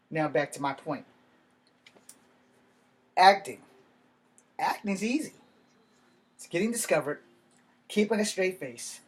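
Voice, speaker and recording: A man's voice: on the high side, slightly rough. A man ranting to camera in a blunt, combative monologue full of swearing. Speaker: vlogger.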